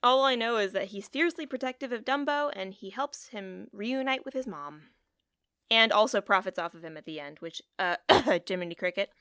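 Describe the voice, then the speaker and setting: A woman's voice: mid-range voice, lively intonation, normal speed, bright, forceful tone, smooth, no echo, studio quality. A woman co-hosting a podcast in casual chat, rambling and giggly with a taste for puns. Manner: giggly, rambling, pun-loving. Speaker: podcast co-host.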